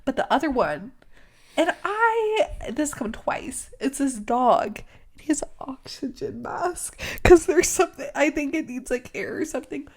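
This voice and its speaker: A young woman co-hosting a podcast in casual chat, gushing and animated, leaning on "like", with a slightly runny nose. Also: high-pitched, measured pace. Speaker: podcast co-host.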